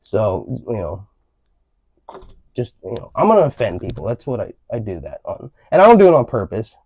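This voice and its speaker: A man's voice: on the low side, wildly swooping pitch, moderate pace, darkish tone. A man hosting a podcast, talking in a casual, profane and rambling way as he rants. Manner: profane, rambling ranting delivery. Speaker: podcast host. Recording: slightly dull lo-fi audio.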